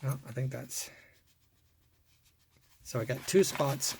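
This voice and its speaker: A middle-aged man hosting his own collecting video, casually talking through his finds and getting excited over the rare ones. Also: medium pitch, takes it slowly, vocal fry, a little hiss or hum. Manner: muttering softly while working, then bursting into excitement. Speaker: toy car collector and video host. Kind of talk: casual hands-on show-and-tell.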